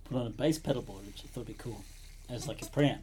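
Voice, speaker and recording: A laid-back man chatting as a co-host, trailing off and laughing between thoughts. His voice is mellow and warm, with a faint hiss under the recording. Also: medium pitch, quick pace. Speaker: podcast co-host. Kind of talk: casual chat about guitar pedals.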